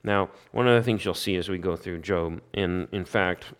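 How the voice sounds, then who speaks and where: A man with a somewhat low voice leads a Bible study and walks his listeners through the text. He explains it in plain words, voices its lines in the first person and keeps asking rhetorical questions. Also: moderate pace, clean tone. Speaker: Bible teacher.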